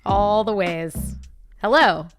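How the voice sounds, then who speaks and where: A woman's voice: medium pitch, slow, over music. A woman co-hosting a podcast, chatting casually and reacting with amused laughter. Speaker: podcast co-host. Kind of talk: casual chat.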